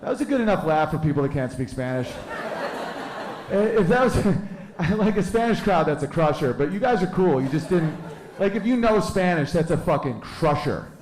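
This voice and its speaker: A man's voice: a little high, expressive, moderate pace, reverberant, crowd noise. A man in his thirties doing a live stand-up comedy set, rambling loosely and breaking into goofy voices. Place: live comedy venue with audience.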